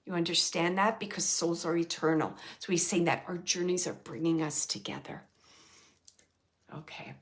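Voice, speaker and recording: A woman medium relaying messages to an audience member, speaking softly, often dropping to a hush, with frequent restarts. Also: lowish voice, fairly even intonation, moderate pace. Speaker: medium giving readings. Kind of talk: live mediumship reading to an audience.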